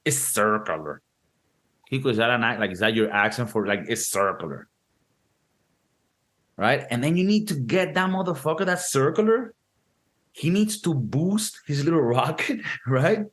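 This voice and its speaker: A young man on a podcast, casually reviewing a movie and explaining it in an animated, profane way, acting out quotes. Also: a little high, moderate pace. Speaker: podcast co-host.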